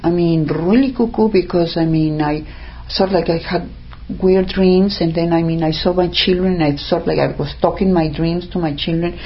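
An older woman tells a personal story in casual conversation, animatedly acting out what others said and filling gaps with lots of "I mean." Her voice is on the low side at a normal speed, and the high frequencies are cut off.

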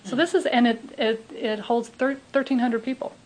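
A woman's voice: fairly high pitch, moderate pace, a little hiss or hum, rough recording. A middle-aged woman with a Southern US accent, a minister giving an informal, chatty talk to her congregation. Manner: chatty, laughing, many restarts.

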